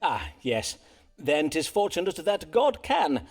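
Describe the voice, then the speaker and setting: Fancy-talking elizabethan astrologer doc, kinda high, bounces all over, super polite and wordy. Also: male voice, very animated, takes it slowly, exaggerated voice. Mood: courteous. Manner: florid archaic courtly speech. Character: learned Elizabethan astrologer-doctor, courteous and wordy. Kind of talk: period game voice acting.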